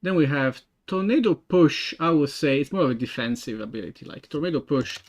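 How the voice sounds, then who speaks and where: A young man with an Italian accent, a game developer thinking aloud while he works, halting with many fillers and restarts. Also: fairly high pitch, expressive. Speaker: game developer streaming his work. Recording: dull lo-fi stream audio.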